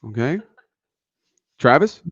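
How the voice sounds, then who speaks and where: A man's voice: mid-range voice, big pitch swings, slow, fairly bright tone, slightly rough, dry recording, lo-fi sound. A man co-hosting a casual motivational talk show, telling earnest stories and acting out the people in them. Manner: earnest, storytelling, acts out quoted people. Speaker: podcast co-host.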